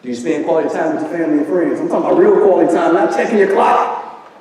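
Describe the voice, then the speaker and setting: A man delivers a motivational talk to a live audience, pressing them with question after question in a preachy style. His voice sits a little high but sounds mellow and dark. It is heard from a distance in a large, booming hall with long reverb. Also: quick pace, a faint crowd. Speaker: event speaker. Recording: echoey hall from far off.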